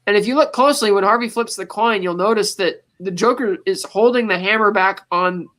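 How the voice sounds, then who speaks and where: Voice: medium pitch, fairly quick. A podcast co-host casually recapping a movie scene by scene, quoting its lines along the way and laughing often. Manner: animated retelling, quoting movie lines in passing.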